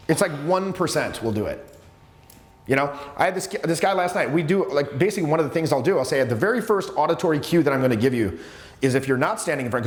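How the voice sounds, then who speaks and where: A man coaching a live workshop on social skills, talking in an animated, emphatic way with many restarts. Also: fairly high pitch. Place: seminar room with students. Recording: echoey room.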